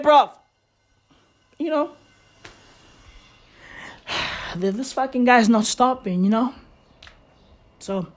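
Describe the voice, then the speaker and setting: A woman's voice: high-pitched, breathy edge. A woman hosting a solo podcast, ranting in a profane, exasperated way full of slang. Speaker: podcast host. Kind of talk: casual solo podcast rant.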